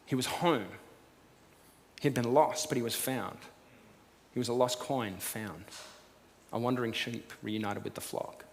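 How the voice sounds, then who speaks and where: A pastor giving a sermon as casual storytelling, swinging from loud to hushed. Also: male voice, mid-range voice, a little slow, gravelly, pauses often, slight background noise. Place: church auditorium. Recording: long hall reverb.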